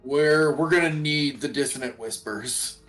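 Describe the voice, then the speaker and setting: A man's voice: on the high side, a little slow, fairly bright tone, faint music behind, poor audio. Eager man player at a tabletop game. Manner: eager, repeats his first words. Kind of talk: casual chat at a tabletop game.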